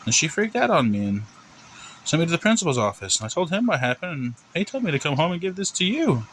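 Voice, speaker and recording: A man doing a confused little boy, high and earnest. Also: sing-song, fast, fairly bright tone, slight background noise, low-quality recording. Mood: bewildered. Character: confused seven-year-old boy, innocent and earnest.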